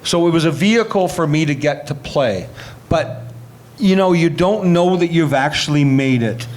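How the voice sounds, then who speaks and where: Middle-aged guy spinning hockey stories, acts out the voices, bit higher pitch. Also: normal speed. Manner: animated anecdotes, acts out quoted voices. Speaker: retired hockey player telling stories. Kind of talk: storytelling interview.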